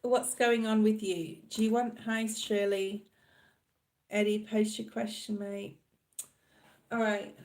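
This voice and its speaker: A woman's voice: medium pitch, little pitch movement, takes it slowly, pauses often, a little mellow, reverberant. A middle-aged Australian woman giving a live tarot reading, chatting and rambling casually to her viewers. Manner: chatty, rambling, laughs often, addresses viewers by name. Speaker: tarot reader.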